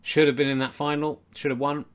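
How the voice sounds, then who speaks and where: A man's voice: on the high side, little pitch movement, fairly quick, natural voice. A man voicing a female alter ego, a snooker player who talks earnestly and ruefully, then coolly and firmly.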